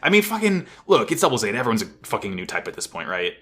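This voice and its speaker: A male podcast co-host retelling an anime episode with lots of energy and plenty of swearing. His voice is bright and lively, swinging up and down as he tells the story. He laughs often and talks in a loose, casual way. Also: fairly low pitch, very fast. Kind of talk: casual anime recap chat.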